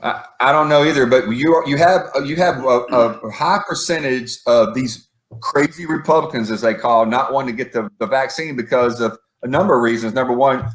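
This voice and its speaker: Ranting podcast co-host in an echoey room. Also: male voice, mid-range voice, brisk. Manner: exasperated ranting, counts off points. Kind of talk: casual chat.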